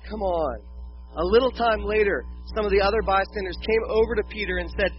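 A man's voice: sits high, brisk. A man preaching a sermon in a conversational way, with casual jokey asides. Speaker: pastor. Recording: dull lo-fi with faint music.

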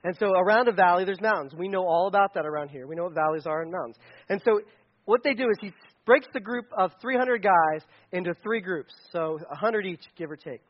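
A man preaching a sermon, telling a story in a lively, animated way and acting out the quotes. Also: high-pitched, a little fast, lo-fi sound. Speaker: pastor.

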